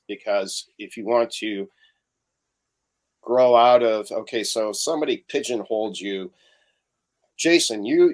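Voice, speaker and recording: Easygoing man telling stories. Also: lowish voice. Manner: storytelling, acts out quoted voices. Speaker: guest. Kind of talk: casual podcast chat.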